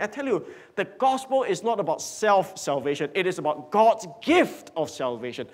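Animated male pastor preaching. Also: high-pitched, normal speed, few pauses. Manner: emphatic, swings from loud declarations to hushed whispers. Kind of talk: sermon. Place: church hall.

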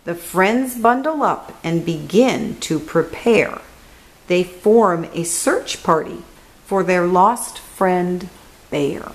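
Reading a children's picture book aloud in a lowish voice, a woman takes it slowly and expressively, hushing her voice on key words. It's a rough recording.

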